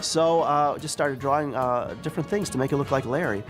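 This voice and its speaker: Man, designer interview, middle pitch, easygoing, guitar music behind. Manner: easygoing explanation with "uh" pauses. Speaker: background designer.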